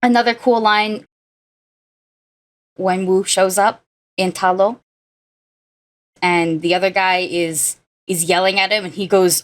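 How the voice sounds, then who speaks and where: Animated woman podcast co-host. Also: mid-range voice, a little slow, pauses often. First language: not a native Mandarin speaker. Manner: animated, laughs often, quotes film lines. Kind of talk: casual chat.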